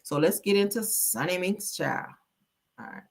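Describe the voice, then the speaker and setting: A woman's voice: on the low side, moderate pace, vocal fry. A woman hosting a gossip livestream, sassy and chatty, calling her viewers honey and child. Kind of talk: casual gossip commentary.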